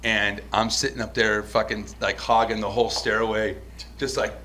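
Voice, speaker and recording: A man's voice: on the low side, moderate pace. A man from the United States, in his forties, tells a long story on a podcast. He swears freely, restarts his sentences and acts out the people he quotes. There is a faint hiss of room noise behind him. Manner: profane, animated storyteller with many restarts. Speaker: podcast host. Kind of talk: casual storytelling chat.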